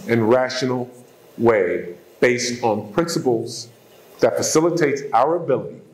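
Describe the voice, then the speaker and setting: A man's voice: mid-range voice, slight background noise. Man giving a formal address in an echoey hall. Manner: measured, emphatic speech with lists and repetition. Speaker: university president.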